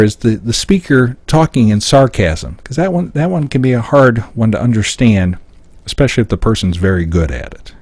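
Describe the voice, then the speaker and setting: Male seminar presenter, mid-pitched, emphatic teaching delivery, dry close sound. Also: darkish tone, dry recording. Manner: explanatory, emphatic, acts out example lines. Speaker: seminar speaker. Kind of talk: live public-speaking seminar. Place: seminar room before an audience.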